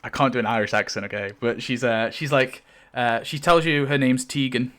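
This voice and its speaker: A man's voice: mid-range voice, fairly even intonation, fairly quick, a bit bright. Rambling male game master. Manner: rambling, filler-heavy, often laughing. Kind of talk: narrating a tabletop game.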